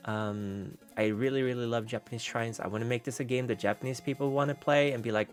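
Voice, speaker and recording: A man's voice: mid-range voice, fairly even intonation, fast. A man streaming as a VTuber, chatting casually and rambling, with many fillers and restarts. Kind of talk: casual livestream chat.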